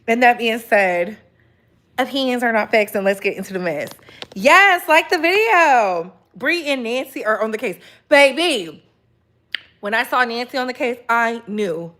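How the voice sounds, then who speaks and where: A woman's voice: a little high, fairly bright tone. A woman hosting a casual gossip livestream, chatting and greeting viewers by name, often repeating phrases. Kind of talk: casual live chat.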